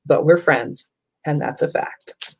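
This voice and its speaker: A woman voicing a gentle young female fruit bat in a children's storybook reading. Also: low voice, takes it slowly, vocal fry, breathy edge, heavily acted, rough recording.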